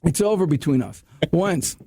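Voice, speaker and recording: A man hosting a sales talk radio show, preaching tips in an animated way and laughing at himself. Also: fairly high pitch, normal speed.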